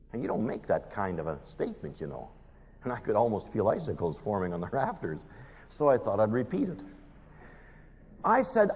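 A man preaching a sermon, animated and pleading, with dramatic pauses. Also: lowish voice, husky. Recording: muffled hall recording with long reverb.

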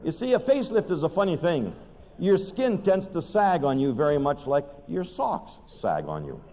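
An older man preaching a sermon, telling funny stories in an animated way and putting questions to his listeners. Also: fairly high pitch, moderate pace, slight background noise. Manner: animated storytelling, asks the audience questions. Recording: dull recording in a long-reverb hall.

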